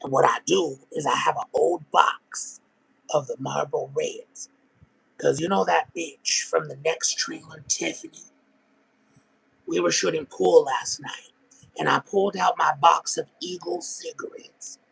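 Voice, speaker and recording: A man's voice: a little high, lively intonation, a little slow, vocal fry, fairly bright tone, husky, exaggerated voice, poor audio. A man voicing a brash, crude trailer-park woman smoker who rambles through gossip in a comedic character monologue.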